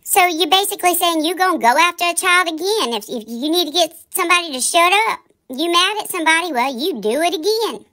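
A woman delivers a heated commentary rant, scolding and full of rhetorical questions. Her voice sits high and sounds bright and sharp. She hosts her own commentary channel. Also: brisk.

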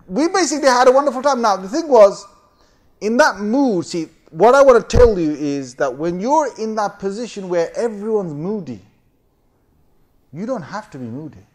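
Animated preacher, lively storyteller. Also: male voice. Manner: animated, laughing often, big swings in pitch and loudness; chatty, asks the audience for agreement. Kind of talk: storytelling sermon.

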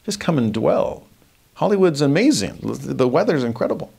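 A man voicing a smooth male salesman who coaxes people to move in and trust him with their money. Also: medium pitch, big pitch swings, normal speed, darkish tone, pitched above the performer's own voice, exaggerated voice. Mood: coaxing. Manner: coaxing, upbeat sales patter. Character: slick male pitchman selling the merchant city.

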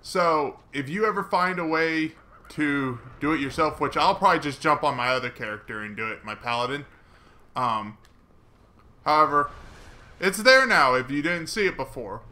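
A man giving casual, chatty commentary while playing a video game, mocking himself and breaking into excited swearing. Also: a little high, normal speed. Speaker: gaming let's player.

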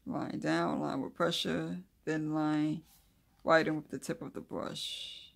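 Leading an easygoing calligraphy tutorial for a craft video, the host speaks in a medium-pitched, gravelly, somewhat rough voice. Notes are read aloud before the talk drifts into chatty asides and quiet mumbles during the lettering, with an unhurried, homespun feel throughout.

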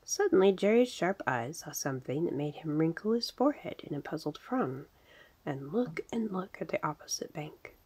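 A woman narrating a storybook in a gentle, half-whispered reading style. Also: low voice, very animated, moderate pace, breathy edge. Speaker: reader.

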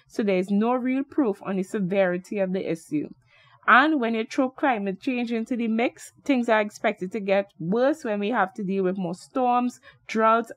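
A woman reads a story aloud in a measured, scripted narration. Her voice sits at an ordinary pitch, and the recording is dry and close. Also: no room sound.

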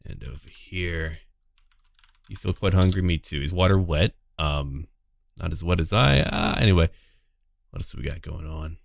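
Male game streamer with a lively, swooping delivery. Joking, irreverent, casual play-by-play to chat. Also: low voice, normal speed, creaky, long pauses, dry recording. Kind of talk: casual gameplay commentary.

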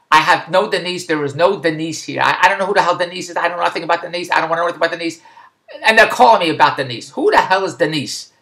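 Middle-aged guy, rapid, lively exasperated vlog rant. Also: high voice. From Philadelphia. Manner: exasperated, digressive storytelling. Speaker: vlogger. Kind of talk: rambling comic monologue.

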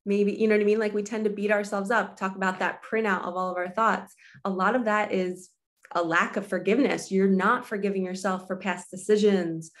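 A woman's voice: medium pitch, steady tone, brisk. A woman coach speaks casually and earnestly to her viewers from home. Her tone is nurturing and direct, like a motivational chat. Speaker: spiritual coach. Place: her apartment.

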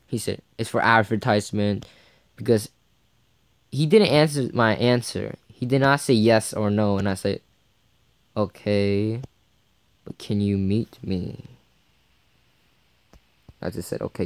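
A man's voice: lowish voice, expressive, moderate pace, pauses often, no room sound. A man telling a frustrated, rambling story to camera, re-enacting both sides of a conversation. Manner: frustrated, rambling, heavy on "like" and "you know", re-enacts dialogue. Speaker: vlogger. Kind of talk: casual ranting story to camera.

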